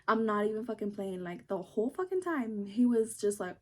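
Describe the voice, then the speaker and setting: A woman in her twenties with a husky, mellow voice tells a storytime to her viewers. She talks casually and animatedly, swears freely and acts out what people said. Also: mid-range voice, lively intonation, a little fast. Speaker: vlogger.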